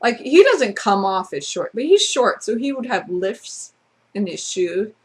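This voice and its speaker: A woman's voice: mid-range voice, very animated, measured pace. A woman vlogger in a casual, sarcastic rant who talks bluntly and swears freely. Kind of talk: casual ranting monologue.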